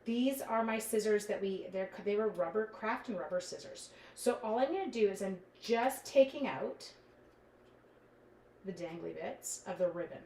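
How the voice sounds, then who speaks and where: Brief: chatty, scattered woman demoing crafts live to her viewers, in a roomy room with a faint hum. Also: mid-range voice. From Canada. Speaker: live-stream crafting demonstrator. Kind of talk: casual live-stream craft demo.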